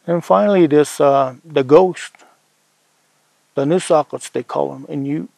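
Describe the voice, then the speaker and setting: Man, from Colorado's Ute Mountain Reservation, storyteller, gravelly voice, dry close sound. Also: a little high, a little mellow, no echo, poor audio. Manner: unhurried, conversational, with restarts. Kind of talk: oral telling of a traditional story.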